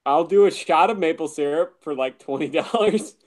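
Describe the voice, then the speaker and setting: A man's voice: a little high, normal speed. A Canadian man chatting casually as a guest, laughing often and swearing while he teases. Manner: laughing, profane, teasing. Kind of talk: casual chat.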